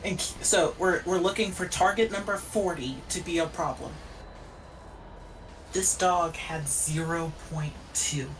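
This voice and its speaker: A woman's voice: fairly low pitch, unhurried, distant mic, soft background music, low-quality recording. A woman streamer in casual chat, telling stories in a blunt, exasperated way with plenty of swearing. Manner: blunt, exasperated storytelling with profanity.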